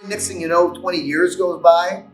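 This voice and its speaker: A man's voice: sits high, flat delivery, normal speed. Reflective middle-aged man, distant mic. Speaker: comedian. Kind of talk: documentary interview. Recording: distant mic with guitar music.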